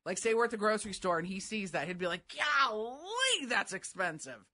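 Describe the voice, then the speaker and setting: A woman's voice: mid-range voice, very fast. A woman co-hosting a radio show, trading casual banter and firmly denying her co-host's teasing. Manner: animated, protesting, teasing denials. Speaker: radio co-host.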